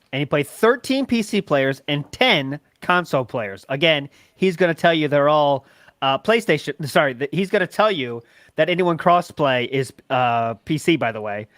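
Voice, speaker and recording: A man's voice: a little high, fairly bright tone, dry recording, studio quality. A man hosting a casual podcast, rambling, stumbling over his words and swearing casually. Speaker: podcast host.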